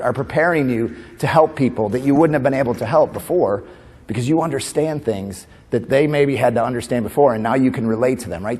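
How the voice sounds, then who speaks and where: A man's voice: mid-range voice, a little mellow. A man from New York giving a humorous motivational keynote, talking conversationally and quizzing the audience with "right?". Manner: conversational, asks the audience questions, tag "right?". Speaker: motivational speaker. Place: large conference hall. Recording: long reverb of a conference hall.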